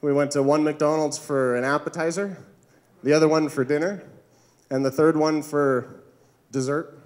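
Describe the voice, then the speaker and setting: A man performing stand-up in a comedy club, telling his jokes at an unhurried, deliberate pace. His pitch sits high and jumps around a lot, and he comes across as awkward and self-deprecating.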